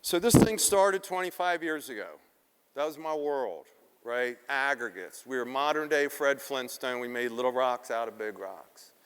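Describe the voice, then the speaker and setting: A middle-aged man from South Philadelphia giving a live keynote talk, animated and profane, acting out the quotes in his stories. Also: mid-range voice, normal speed, long reverb tail, a little hiss or hum. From South Philadelphia, USA. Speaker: keynote speaker.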